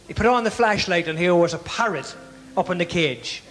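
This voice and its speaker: Northern irish guy telling jokes on stage, high voice, big echoey hall. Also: expressive, moderate pace, fairly bright tone, faint music behind. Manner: chatty storyteller who laughs at his own jokes. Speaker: compère at a tribute night. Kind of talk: stage joke-telling and tribute speech. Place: live venue in front of an audience.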